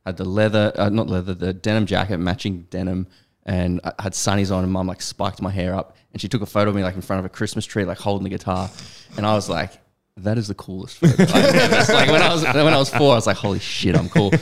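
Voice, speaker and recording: A man's voice: deep voice, fairly even intonation, fast, vocal fry. A young man on a podcast, casually telling a childhood anecdote and laughing along. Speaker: podcast co-host. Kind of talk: casual chat.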